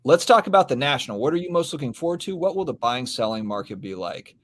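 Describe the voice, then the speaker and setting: Male host, casual stream chat, relaxed and rambling, mid pitch. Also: fast talker. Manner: laid-back, rambling, reads out viewer comments. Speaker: podcast host.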